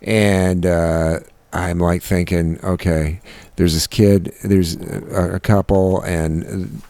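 A man's voice: low-pitched, level tone, warm tone, no room sound. A tired man in his forties telling a story with swearing and exasperation, stumbling and restarting as he goes. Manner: exasperated, profane, halting storytelling. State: tired from lack of sleep. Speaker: podcast co-host. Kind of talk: casual chat.

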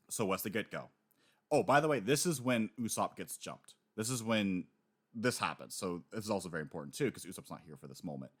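Low-voiced animated man chatting. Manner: animated, laughs often, slips into voices when retelling scenes. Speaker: podcast co-host discussing a manga. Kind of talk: casual chat.

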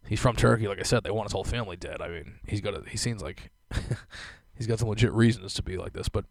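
This is a young male podcast host on a loose, profane rant, rambling and heavy on filler words. His lowish voice is gravelly and moves at a quick pace. The recording is dry.

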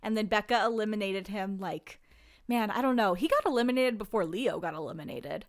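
A woman's voice: medium pitch, brisk. A young woman co-hosting a podcast, chatting casually and laughing often as she tells stories. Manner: giggly, animated storytelling with frequent laughs. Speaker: podcast co-host.

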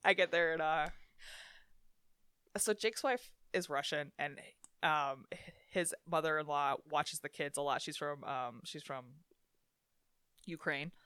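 A woman chatting casually as a podcast co-host, telling an animated story full of "like" fillers. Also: sits low, a little slow, pauses often, smooth, dry recording, studio quality. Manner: chatty and animated, many "like" fillers, bursts of laughter.

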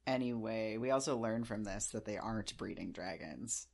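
Man co-host, casual book-podcast chat, quick, sarcastic, animated. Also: on the low side, creaky.

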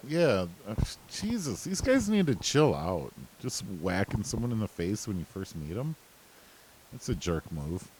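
A man's voice: fairly low pitch, big pitch swings, unhurried, darkish tone, husky, poor audio. A man co-hosting a casual recap chat, laid-back and hesitant, with many fillers. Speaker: podcast co-host.

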